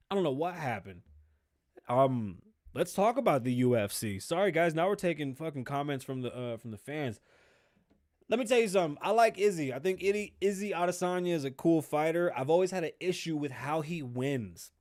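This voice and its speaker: A man hosting a podcast alone, ranting casually and profanely in animated commentary. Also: a little high, brisk. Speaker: podcast host.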